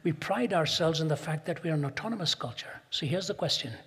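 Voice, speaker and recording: A man giving a Christian talk to an audience, arguing his point and telling stories, slowing down and pressing hard on key phrases. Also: on the high side, fairly bright tone, breathy edge. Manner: rhetorical, storytelling, slows and presses for emphasis. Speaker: Christian speaker. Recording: long hall reverb.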